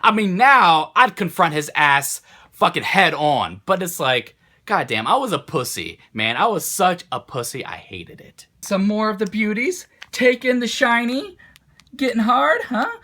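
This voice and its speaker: A young man from Maryland telling a casual vlog story, excitable and swearing a lot, his loudness swinging widely. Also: on the high side. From Maryland, USA. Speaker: vlogger. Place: childhood home.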